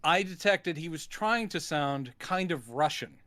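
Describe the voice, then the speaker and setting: A man's voice: a little high, animated, a little slow, fairly bright tone, no echo, clean studio sound. A man co-hosting a podcast in casual chat, joking and playful as he talks about a film. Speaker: podcast co-host.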